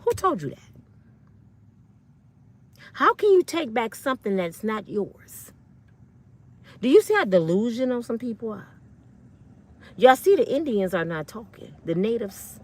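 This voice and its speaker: A woman's voice: on the high side, very animated, a little slow, long pauses, darkish tone. Fiery, blunt woman in her fifties. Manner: blunt, fiery, profane, slangy. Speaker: online commentator. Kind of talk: ranting monologue.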